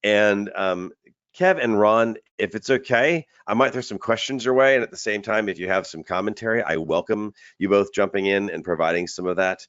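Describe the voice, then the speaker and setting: The webinar host, a man with a lowish, fairly bright voice and moderate pace, runs a training session in a chatty, rambling style and keeps restarting his sentences. The casual presentation comes through dull lo-fi web call audio with no room sound.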